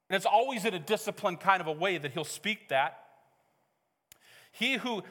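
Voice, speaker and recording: A man's voice: sits high, moderate pace, a bit bright. A middle-aged man preaching a sermon as pastor, conversational and joking with the congregation. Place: church hall. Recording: reverberant church hall.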